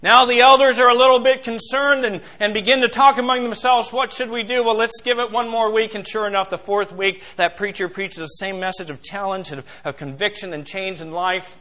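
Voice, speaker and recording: A male pastor preaching a sermon, emphatic and questioning, swinging from loud declarations to hushed asides. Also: high voice, fairly even intonation, a little fast, few pauses. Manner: addresses congregation as beloved, asks questions.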